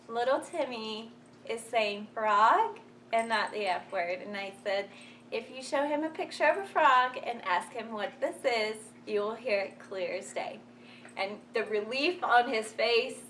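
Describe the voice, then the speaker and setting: A woman's voice: a little high, fairly bright tone. Chatty young woman, slightly distant mic. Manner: chatty, laughs often, acts out quoted voices. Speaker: vlogger. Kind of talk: casual storytelling while folding laundry. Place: home room. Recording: slightly distant mic with faint room noise.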